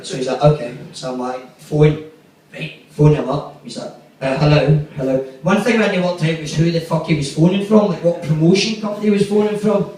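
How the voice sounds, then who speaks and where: A man's voice: on the high side, brisk, warm tone, very echoey, recorded from a distance, poor audio. A man with a Glaswegian accent doing stand-up, telling profane, rambling stories and acting out the quotes. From Glasgow, Scotland. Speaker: stand-up comedian. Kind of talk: stand-up storytelling. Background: audience laughter.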